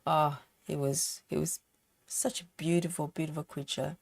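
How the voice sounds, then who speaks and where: A woman's voice: sits low, flat delivery, moderate pace, vocal fry. A woman chatting casually on a live stream as she stitches, giggling often and reading out viewer comments.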